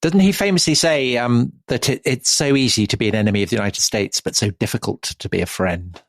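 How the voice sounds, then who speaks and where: A man's voice: mid-range voice, brisk, dry recording. Man asking wry questions, dry sound. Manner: asks short wry questions. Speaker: podcast co-host. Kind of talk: casual chat.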